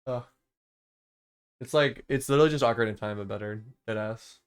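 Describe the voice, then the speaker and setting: A young man chatting live on his stream, rambling and restarting his sentences with lots of "like" and "um". His voice is smooth and clear at an ordinary pitch, and he jumps into sudden swearing bursts of enthusiasm. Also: a little fast. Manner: enthusiastic, full of fillers and restarts, swears when excited. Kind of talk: casual rambling stream chat.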